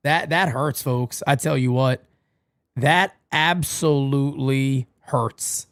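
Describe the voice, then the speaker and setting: A man's voice: medium pitch, steady tone, takes it slowly, fairly bright tone, clear, resonant tone. A man hosting a live fan watch party, calling the plays and chatting with viewers in a playfully melodramatic way that repeats phrases. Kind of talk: live fan play-by-play and chat.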